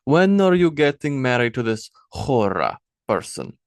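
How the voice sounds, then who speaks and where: A man voicing a sharp-tongued, jealous queen in an audiobook, speaking reproachfully with a raised voice. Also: medium pitch, lively intonation, unhurried, no room sound, studio quality, natural voice. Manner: reproachful, pointed questions.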